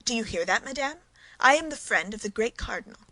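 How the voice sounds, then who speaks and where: A woman's voice: fairly high pitch, animated, a little fast, bright, forceful tone, no room sound, heavily acted, poor audio. A woman reading the part of a self-important, cowardly middle-aged mercer in a storybook reading, speaking emphatically. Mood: pompous.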